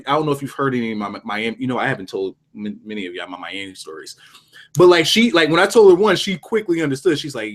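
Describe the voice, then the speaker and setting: Lively young man telling a story. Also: medium pitch. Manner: animated storyteller, lots of restarts and swearing. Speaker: podcast co-host. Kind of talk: casual storytelling chat.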